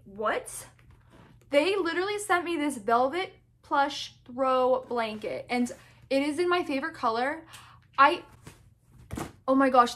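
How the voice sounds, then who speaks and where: Gushing young woman, high voice. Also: a bit bright. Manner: gushing, breathless, keeps repeating "oh my gosh". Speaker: vlogger opening fan mail. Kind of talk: excited casual vlog.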